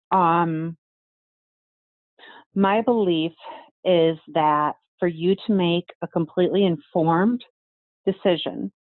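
A woman's voice: fairly low pitch, no room sound, phone-quality sound. Earnest woman guest on a thin line. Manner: earnest, fast-talking, self-deprecating. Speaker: podcast guest on divorce. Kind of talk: casual conversational interview.

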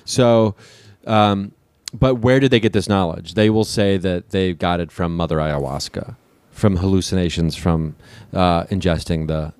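A man co-hosting a casual chat, relaxed and rambling with lots of fillers. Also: sits low, measured pace, clean tone, dry recording. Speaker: podcast co-host.

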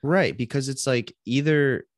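A man's voice: medium pitch, a little slow, no room sound, clean studio sound. A man co-hosting a casual faith podcast, talking earnestly and thinking aloud with frequent restarts. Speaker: podcast co-host.

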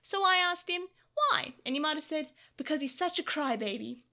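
A woman reading as a smug male devil creature from a storybook, sneering and fake-sweet, his voice bright and high. he mocks with cool unruffled calm, as sly tricksters do in fairy tales. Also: normal speed, full character voice. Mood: mocking. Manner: sneering, faux-innocent.

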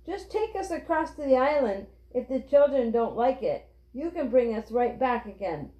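A woman reading aloud, voicing a kindly grandfather who speaks calmly and reassuringly. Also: high voice, normal speed. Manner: calm, reassuring. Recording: roomy, dull lo-fi.

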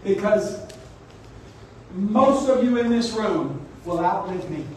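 A man's voice: sits high, animated, takes it slowly, slight background noise. A man preaching a sermon as pastor, emphatic and exhorting his congregation. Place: church sanctuary. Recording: echoey church hall, mic at a distance.

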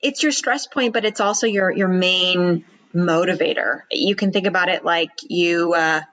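A woman public speaking coach chatting in an interview, slipping into quick acted-out inner voices to make her point. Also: on the low side, a bit bright, poor audio. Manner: acts out worried inner voices in quick asides. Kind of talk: podcast interview chat.

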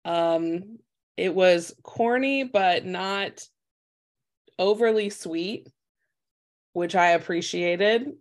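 A woman co-hosting a casual podcast chat, enthusiastic and expressive, using many fillers. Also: on the low side, very slow, long pauses. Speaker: podcast co-host.

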